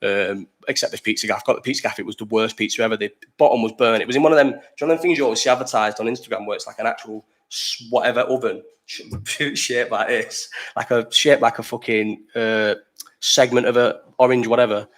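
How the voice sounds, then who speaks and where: A young man with a Liverpool accent hosts a casual livestream chat at a brisk pace. His voice sits at an ordinary pitch. He rambles through stories full of swearing and breaks off to answer the chat. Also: fairly bright tone. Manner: rambling, sweary storytelling, reads chat aloud. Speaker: livestream host.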